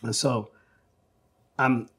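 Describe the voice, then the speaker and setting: Brief: 40s male director, mid-pitched, loose storyteller who acts out quotes, lots of ums and you-knows. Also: very slow, slightly rough. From South Central Los Angeles, USA. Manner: animated storyteller, acts out quotes, many fillers. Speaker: film director interviewee. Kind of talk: oral history interview, anecdotal storytelling.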